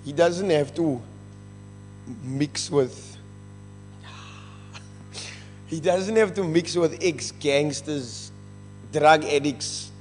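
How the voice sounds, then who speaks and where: A man with a South African English accent, giving an earnest, emotional testimony of thanks to a church and moving between English and Afrikaans. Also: a little high. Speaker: rehab ministry member giving thanks. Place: large church hall. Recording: reverberant church hall with faint music.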